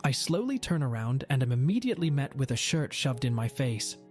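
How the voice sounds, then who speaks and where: A young man tells an online story in a dry, matter-of-fact voice at an ordinary middle pitch. His delivery has a sardonic edge. Soft music plays quietly underneath. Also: big pitch swings, brisk. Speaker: narrator.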